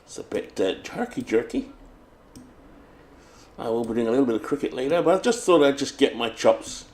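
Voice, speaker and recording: A man's voice: mid-range voice, animated, fairly quick, a little mellow. Chatty British man calling tabletop baseball. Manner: chatty, reads lineups like a play-by-play announcer. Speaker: tabletop baseball game host. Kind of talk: casual tabletop game commentary.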